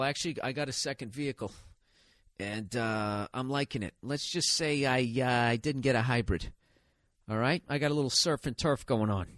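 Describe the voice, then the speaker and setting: Profane ranting man, forceful voice. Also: mid-range voice, no echo. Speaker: podcast host. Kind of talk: comedic storytelling monologue.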